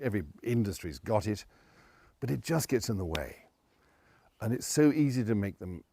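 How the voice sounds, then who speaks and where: A man's voice: lowish voice, no echo. A man, a presentation coach giving conversational advice straight to camera. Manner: conversational, animated, with quoted asides.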